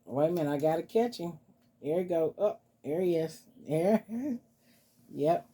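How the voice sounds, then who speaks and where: A woman's voice: lowish voice, expressive, unhurried, warm tone, slightly rough. A woman vlogger chatting casually and cooing to her dolls as she shows them off. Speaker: vlogger showing reborn dolls. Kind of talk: casual vlog chat.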